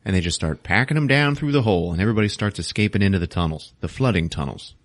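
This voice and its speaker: A man's voice: low-pitched, animated, fast talker, dry recording. A male podcast host casually recapping a movie, swearing, laughing and acting out the scenes. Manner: crude, laughing, acts out scenes.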